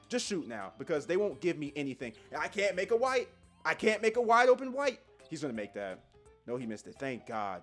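Young male gaming creator, lively trash-talk commentary, faint music bed. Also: fairly high pitch. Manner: excitable, trash-talking, swings from yelps to mutters. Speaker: gaming YouTuber. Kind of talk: gameplay commentary.

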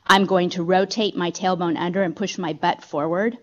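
A woman's voice: on the low side, fairly even intonation, moderate pace, lo-fi sound. A woman teaching yoga in a company talk room, giving upbeat step-by-step instructions into a handheld microphone.

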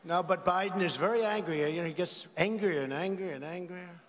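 High-voiced male rally speaker, rambling and mocking; podium mic in a big echoey hall with a long tail and faint ambience. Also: brisk. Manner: rambling, mocking, conversational asides to the crowd. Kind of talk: campaign rally speech. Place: large indoor arena rally.

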